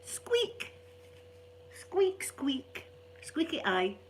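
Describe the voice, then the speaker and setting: A woman's voice: medium pitch, expressive, moderate pace, fairly bright tone, slight background noise. An older Scottish woman chatting casually to viewers, rambling and laughing often, sounding stuffy and unwell. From Scotland. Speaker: ASMR channel host.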